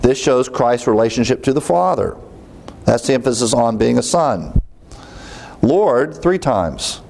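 A man's voice: mid-range voice, animated, measured pace, creaky, darkish tone. A man preaching a conversational Bible teaching to his congregation, listing word counts and lifting his voice on key words, with small jokes to the room. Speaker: pastor teaching a Bible study. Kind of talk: teaching sermon.

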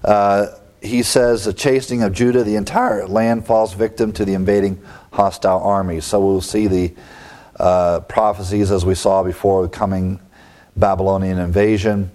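Male preacher, deeper register, teaching a sermon in a relaxed, questioning style. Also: normal speed. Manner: conversational, rhetorical questions, chuckles often. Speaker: pastor.

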